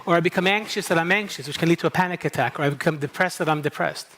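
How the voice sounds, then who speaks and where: A man's voice: on the high side, rapid-fire, fairly bright tone, slight background noise. A middle-aged man from Kuwait with an American accent, giving a conference talk as a psychologist and moderator, telling stories and checking in with "okay?". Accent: American, picked up at a New England summer camp. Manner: anecdotal, repeats "okay?" and acts out inner dialogue. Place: conference stage.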